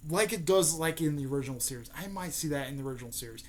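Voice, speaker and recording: A man's voice: on the high side, lively intonation, rapid-fire. A young man casually rambling through fan speculation, swearing often and leaning on fillers. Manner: rambling, profane, many fillers. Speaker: fan video host.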